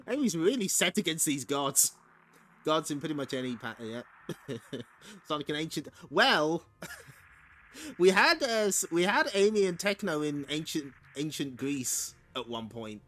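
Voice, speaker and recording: A man's voice: on the high side, very animated, unhurried, long pauses, a bit bright. A man hosting a stream, reading a comic aloud and making casual, wry asides with frequent laughter. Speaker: streamer host. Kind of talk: casual comic read-along commentary.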